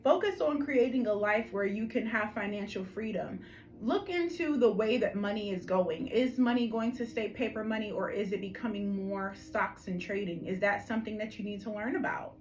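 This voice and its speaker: A woman's voice: medium pitch, moderate pace, a little hiss or hum, low-quality recording. A woman with a Philadelphia accent giving a collective tarot reading to camera, chatty and affectionate, calling viewers honey and checking in with "okay?". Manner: animated, emphatic, frequent "okay?" check-ins. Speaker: tarot reader.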